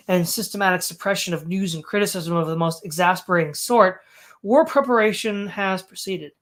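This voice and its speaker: A reader working through an old political essay in a measured voice of middle pitch. The reading is steady and plain, with occasional stumbles that get corrected on the spot, sometimes with a quick "sorry.". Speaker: audiobook reader.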